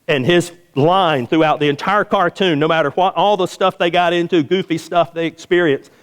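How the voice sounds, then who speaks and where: A pastor preaching in a slightly high voice, his folksy storytelling and repeated phrases carrying through a church hall. The long reverb of the sanctuary hangs after his words. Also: normal speed, clear, resonant tone. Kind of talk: sermon.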